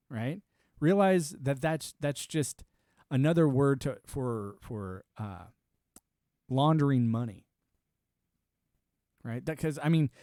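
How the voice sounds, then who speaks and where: A middle-aged man talks into a desk mic at home, and his voice sits at an ordinary middle pitch. He rants bluntly and profanely, rambling from aside to aside. The sound is dry and close, with no room echo. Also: darkish tone. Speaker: streamer. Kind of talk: political rant on a livestream.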